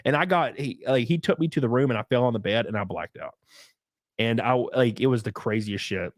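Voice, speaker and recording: Young man, middle pitch, rambling storyteller, filler words, excitable bursts, dry sound. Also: fairly quick, no room sound. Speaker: podcast guest. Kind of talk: casual podcast chat.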